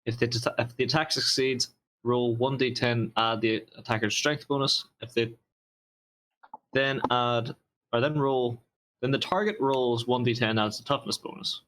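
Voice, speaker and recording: A man's voice: medium pitch, measured pace, fairly bright tone, a little hiss or hum. Man reading game rules aloud. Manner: reads rules aloud with restarts. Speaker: player. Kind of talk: casual tabletop game chat.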